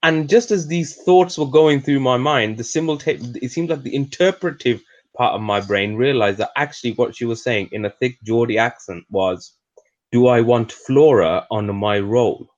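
A man's voice: mid-range voice, normal speed. A man with an English accent, a podcast co-host telling a story in casual, chatty conversation. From England. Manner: chatty storyteller, animated when joking. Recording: lo-fi audio.

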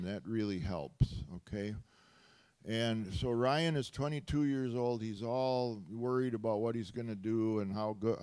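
A man preaching a sermon, telling stories with animated delivery, laughing often and rising to loud exclamations. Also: on the low side, smooth. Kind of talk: sermon storytelling.

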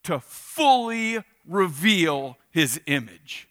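High, bright-voiced male preacher. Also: unhurried. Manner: casual, animated preaching with acted-out asides. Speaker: pastor. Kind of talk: sermon.

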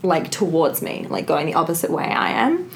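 A woman telling a story in casual chat, animated and emphatic, swearing freely. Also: low voice, moderate pace, a little hiss or hum. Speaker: co-host.

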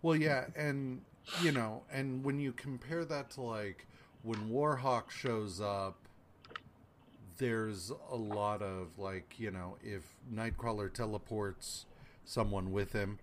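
A man co-hosting a podcast, chatting casually about comics, animated and quick to swear. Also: fairly low pitch, a little hiss or hum. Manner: animated, swears casually, slips into mock voices. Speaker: podcast co-host.

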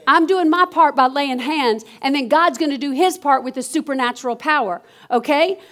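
A woman preacher delivering an animated sermon, calling out to her congregation. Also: high-pitched, moderate pace. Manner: animated, call-and-response preaching with exclamations.

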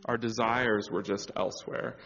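A man speaking candidly about his own story in a sermon setting, pausing and reflecting with many fillers. His voice rings out with a long hall reverb. The sound is slightly dull and muffled. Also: on the low side, fairly even intonation, a bit bright. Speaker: church speaker. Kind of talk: personal testimony in a sermon.

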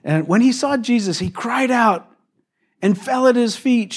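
A male pastor giving a live church sermon, telling the story in a conversational, animated way. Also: very high-pitched, unhurried, husky. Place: church service.

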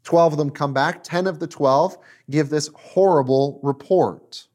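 A man preaching a sermon, emphatic and repetitive, swinging between loud and hushed emphasis. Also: on the high side, measured pace, hardly any pauses. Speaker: pastor.

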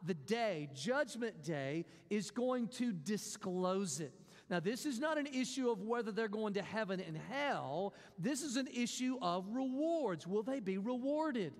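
A man's voice: sits high, lively intonation, measured pace, big-room sound. A man preaching a sermon as pastor, emphatic, repeating his points and acting out quotes.

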